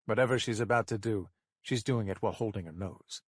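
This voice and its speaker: A man narrating a thriller audiobook in a measured, even way. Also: on the low side, husky, no room sound, studio quality.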